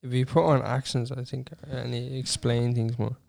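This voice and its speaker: Casting: man, gravelly, dry and blunt among friends. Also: mid-range voice, flat delivery, normal speed, darkish tone. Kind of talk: casual banter with friends.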